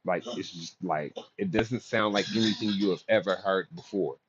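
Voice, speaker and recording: A man's voice: sits low, normal speed, highs cut off, background noise. A man narrating and running a tabletop role-playing game as game master, casual and swearing freely.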